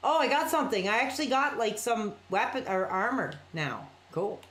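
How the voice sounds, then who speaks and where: A man's voice: high-pitched, animated, moderate pace, sharp tone, slight background noise. Man streamer, casual late-night chat, rambling and apologetic, reading and reacting to viewers. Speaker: live streamer.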